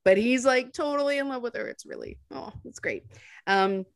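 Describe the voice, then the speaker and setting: A woman's voice: a little high, normal speed, dry recording. A woman co-hosting a casual film podcast, retelling scenes animatedly and laughing often. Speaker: podcast co-host.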